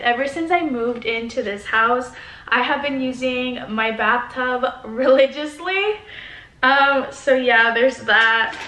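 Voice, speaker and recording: A woman's voice: fairly high pitch, fairly bright tone, echoey room, a little hiss or hum. A young adult woman vlogger chatting casually at home as she unboxes things, gushing and chatty with plenty of fillers. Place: her home.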